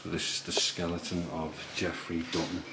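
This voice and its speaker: A man quietly explaining history as he walks visitors through a museum in an old priory. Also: level tone, moderate pace. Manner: hushed, low-key explaining. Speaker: history tour guide. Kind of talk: walking tour vlog. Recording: echoey room with background noise.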